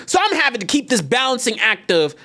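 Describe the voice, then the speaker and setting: A man hosting a casual podcast chat. He tells a story with lots of swing in his pitch, acting out the other people in it and cursing freely as he goes. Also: brisk. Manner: animated, acts out other people's voices. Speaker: podcast host.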